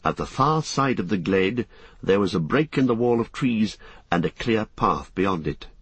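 A man narrating an audiobook in a measured, descriptive reading. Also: lowish voice, expressive, husky, no echo.

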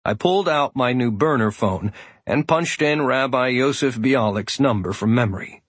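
Husky male audiobook narrator. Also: medium pitch, normal speed, no room sound. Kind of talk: first-person audiobook narration.

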